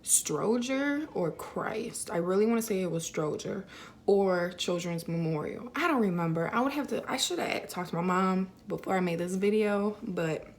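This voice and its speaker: A woman's voice: medium pitch, normal speed, slight background noise. A young woman vlogger casually telling a personal story to camera, filling her talk with "like" and "you know.". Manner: chatty, many fillers like "like" and "you know".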